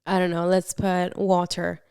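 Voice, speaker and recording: A young woman hosting a casual advice podcast, chatty and animated, reading confessions and swearing casually. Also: fairly low pitch, unhurried, vocal fry, clean tone, no echo, studio quality. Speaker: podcast host.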